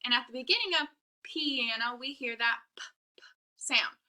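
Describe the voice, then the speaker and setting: A woman teacher giving a recorded phonics lesson to young children, sounding out letters and words slowly and with emphasis. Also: on the high side, bright, forceful tone. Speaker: kindergarten teacher.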